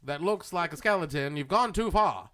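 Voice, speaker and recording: A man's voice: fairly high pitch, expressive, moderate pace, sharp tone. A man voicing a folksy old townsman giving sly directions to a secret place, in a comic put-on voice on a podcast. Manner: sly, conspiratorial.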